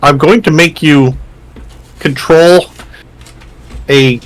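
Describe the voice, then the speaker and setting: A man's voice: on the high side, takes it slowly. A man playing in a tabletop game, hesitant as he talks. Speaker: player.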